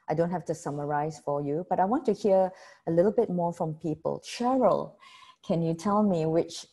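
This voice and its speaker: A woman's voice: deep voice, dark tone. A middle-aged woman leads an online storytelling workshop over a video call, asking participants questions and summing up their answers. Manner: summarizes points, prompts participants by name. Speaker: workshop facilitator.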